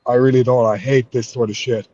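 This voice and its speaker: Heated Irish fighter, swearing freely. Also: male voice, medium pitch, steady tone, brisk, warm tone, no room sound, muffled recording. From Ireland. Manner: heated, swears a lot, says mate. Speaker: MMA fighter. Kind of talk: interview.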